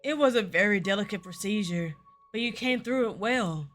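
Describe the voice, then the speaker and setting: A woman reading a gentle, attentive male doctor's lines aloud from a visual novel, in a calm, reassuring, measured way. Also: mid-range voice, faint music behind, close to an everyday voice.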